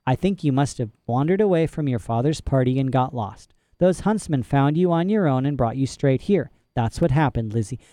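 A man's voice: mid-range voice, lively intonation, moderate pace, hardly any pauses, dark tone, no echo, clean studio sound, natural voice. A man reading an audiobook, voicing a soothing, condescending male doctor who talks a child round.

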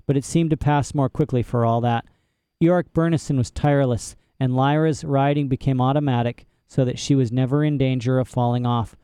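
A male narrator reads a novel in a measured, expressive way. His voice is warm, mellow and smooth, and it sits close and dry on the mic. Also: mid-range voice, no room sound. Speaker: audiobook narrator. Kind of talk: scripted narration.

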